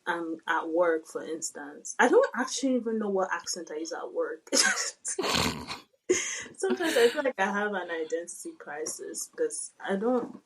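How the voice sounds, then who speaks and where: A woman's voice: on the low side, sing-song, normal speed, breathy edge. A young adult woman co-hosting a podcast, talking in a casual, reflective way and often trailing off mid-thought. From Nigeria. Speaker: podcast co-host. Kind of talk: casual chat.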